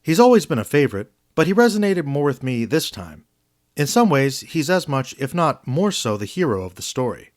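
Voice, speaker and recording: A man narrates a scripted film review in an earnest, reflective tone. His pitch moves a lot as he stresses his points. The voice sounds dry and close, with no room echo. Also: big pitch swings, normal speed. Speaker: video essayist.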